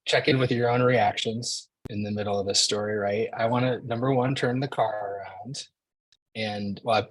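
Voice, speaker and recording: A man's voice: lowish voice, fairly even intonation, normal speed, no room sound, rough recording. A man in his forties telling a personal story to an audience in a casual, conversational way, often saying "like" and "right?". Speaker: speaker.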